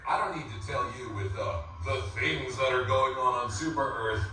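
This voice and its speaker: A man voicing a gung-ho heroic space soldier who makes a booming, over-the-top announcement on a comedy club stage. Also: moderate pace, close to an everyday voice. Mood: rousing. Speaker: game character voice actor. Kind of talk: live comedy stage appearance. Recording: roomy hall, far from mic, music playing.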